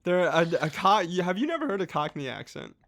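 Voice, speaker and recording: An eager man with a slightly higher voice rambles happily through a long explanation. He speaks casually, often trips over his words and restarts, and clearly loves the subject. The tone is loose and conversational, like a podcast chat between friends. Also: a little fast. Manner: excited, rambling, hesitant restarts. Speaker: podcast co-host.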